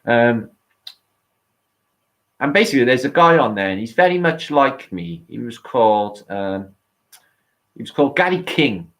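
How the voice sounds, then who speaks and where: A man's voice: medium pitch, expressive, measured pace, pauses often, fairly bright tone. A British man chatting casually as a podcast host, rambling, swearing and laughing as he reminisces. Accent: British English. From Britain. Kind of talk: casual chat.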